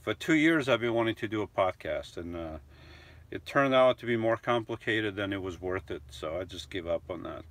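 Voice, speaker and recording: A man's voice: on the low side, animated, normal speed, fairly bright tone, dry recording. A middle-aged man chatting casually on a live stream, reading out viewer comments and rambling with fillers and little self-mocking chuckles. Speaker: vlogger hosting a live stream.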